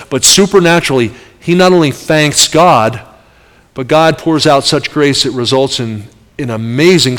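A middle-aged man preaches a sermon, telling a story with lively swings and raising his voice for the punch lines. His voice trails off into the long reverb of a church sanctuary. He is from New Jersey and speaks with a mid-range pitch. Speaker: traveling evangelist.

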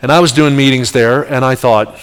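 Middle-aged preacher in a reverberant hall. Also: male voice, mid-range voice, fairly quick, smooth. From New Jersey. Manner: animated storyteller, voice jumps up for the punch lines. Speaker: traveling evangelist. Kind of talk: sermon with personal story.

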